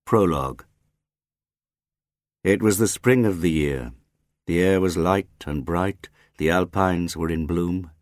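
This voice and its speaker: A man with a very low voice reads a literary audiobook, slow and grave, letting each phrase land. The recording is close and dry, with no room sound. His delivery stays measured and serious throughout. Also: dry recording. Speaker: audiobook narrator.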